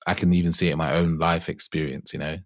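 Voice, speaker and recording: A man hosting a podcast interview, speaking reflectively and haltingly, often restarting his sentences. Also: deep voice, level tone, no room sound, studio quality. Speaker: podcast host.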